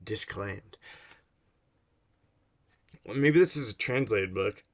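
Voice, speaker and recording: A man's voice: lowish voice, lively intonation, takes it slowly. A man reading a book aloud and breaking off into wry, digressive asides, laughing at his own jokes.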